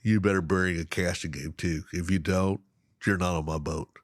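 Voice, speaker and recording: A gruff, no-nonsense fishing guide who barks orders, swears casually and talks low and a bit hushed in a dry, close sound, as a man retells him in a story. he comes across blunt and bossy. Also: steady tone, moderate pace, no echo, natural voice.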